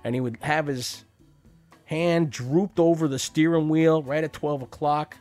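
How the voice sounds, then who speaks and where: A man's voice: a little high, fairly even intonation, unhurried, a little mellow, soft background music. A man telling a wry, profane story about his childhood, now and then acting out the voices of the people in it. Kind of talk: personal storytelling monologue.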